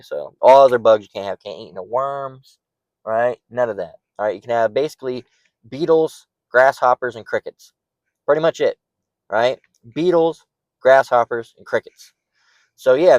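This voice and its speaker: A man's voice: mid-range voice, normal speed, darkish tone, no echo, muffled recording. Blunt man teaching scripture, dry sound. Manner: emphatic, keeps checking in with "all right?"; blunt and mocking. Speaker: bible teacher. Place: near a parking lot.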